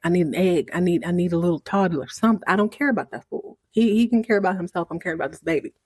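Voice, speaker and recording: A woman's voice: lowish voice, very fast, darkish tone, breathy edge, no echo. A woman playing a young wife obsessed with a baby, insistent, repetitive, dry close sound. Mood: desperate. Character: distraught young wife fixated on having a baby.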